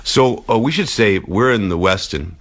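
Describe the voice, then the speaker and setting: A man with a lowish but bright, forward voice hosts a loose podcast chat from a hotel suite. He keeps things playful, laughing often and throwing out hypotheticals. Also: animated, normal speed, a little hiss or hum. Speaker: podcast host. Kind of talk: casual chat.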